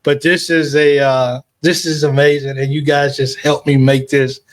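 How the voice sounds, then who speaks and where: A man hosting a late-night fan live stream from home, talking in a fairly high voice. He rambles through fillers and halting restarts. He sounds emotional, close to tears. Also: level tone. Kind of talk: casual live-stream chat.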